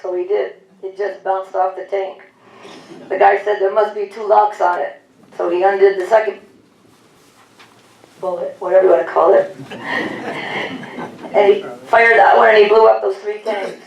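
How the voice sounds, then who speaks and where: A woman's voice: mid-range voice, flat delivery, a little slow, creaky, pauses often. A woman announcer reading veterans' service stories aloud at a public event, in plain storytelling with light humor. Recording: echoey room, distant mic, faint noise.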